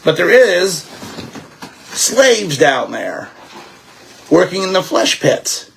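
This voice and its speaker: A man's voice: sits high, sing-song, slow, gravelly, a little hiss or hum, voice pushed up, exaggerated voice. A man voicing a frightened, rambling informant from a ruined mining folk in a tabletop game. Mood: frantic. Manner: agitated, half-shouted, rambling.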